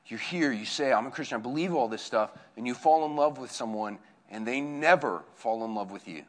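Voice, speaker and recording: A man, a campus minister preaching a conversational sermon, telling stories that swing from hushed to excited. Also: fairly low pitch, fairly quick.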